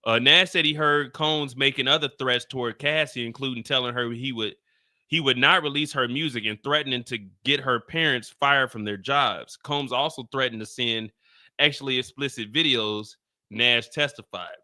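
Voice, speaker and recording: A man's voice: medium pitch, moderate pace, sharp tone. A young adult man streaming live, reacting to news updates with incredulous laughter and casual slang, then reading the updates aloud. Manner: reads updates aloud plainly.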